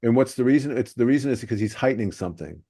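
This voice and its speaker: A man's voice: medium pitch, expressive, racing, warm tone, husky, dry recording, clean studio sound. A man hosting a podcast, breaking down how jokes are built. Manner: analytical, explaining joke structure. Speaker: podcast host. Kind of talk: podcast discussion.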